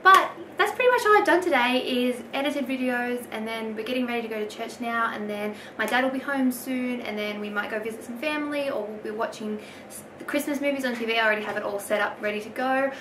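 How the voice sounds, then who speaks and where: This young vlogger's voice is a little high, quick, bright and forceful, with a bit of hiss or hum on the recording. She chats casually through a makeup tutorial at home, rambling and correcting herself. A camera on a stand close by records her indoors.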